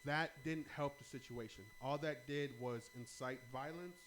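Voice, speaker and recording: A young man hosting a casual podcast chat, telling a story with lively energy and acting out arguments. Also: medium pitch, normal speed, a little hiss or hum. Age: young adult. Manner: animated storyteller, acts out heated arguments loudly. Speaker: podcast host.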